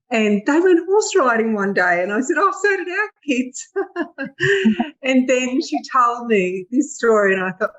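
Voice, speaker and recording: Lively woman host with an expressive voice. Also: mid-range voice, poor audio. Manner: chatty, lively retelling of a chance meeting. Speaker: podcast host. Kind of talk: introducing a guest.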